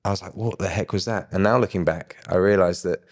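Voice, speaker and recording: A young man casually telling his personal faith story, with lively quoted dialogue and chuckles. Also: low-pitched, fast, long reverb tail. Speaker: guest sharing his faith testimony.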